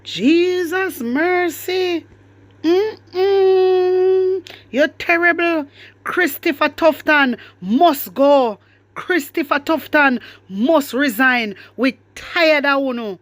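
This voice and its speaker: Jamaican lady doing news commentary in patois, dry close sound, high voice. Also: slow, fairly bright tone, no echo. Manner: chatty, scolding, in patois.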